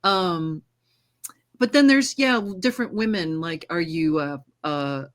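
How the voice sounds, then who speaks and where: A woman with a notably low voice speaks casually about her work narrating audiobooks. She is from the United States and has a singer's control. She tells stories in a lively way and laughs often. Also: takes it slowly. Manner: trained singer with controlled delivery. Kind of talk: casual interview chat.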